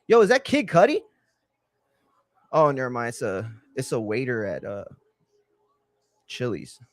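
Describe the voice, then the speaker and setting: A man's voice: medium pitch, wildly swooping pitch, a little slow, no room sound. A man hosting a live watch-along stream, chatting casually and telling rambling stories full of slang. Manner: rambling storyteller, slangy, says "bro" a lot. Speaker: livestream watch-along host.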